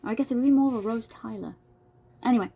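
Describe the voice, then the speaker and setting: A woman's voice: a little high, racing, creaky, mellow, slightly rough, highs cut off. A young adult woman reading a nonfiction book aloud, breaking off for playful, self-deprecating comments. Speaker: book reader.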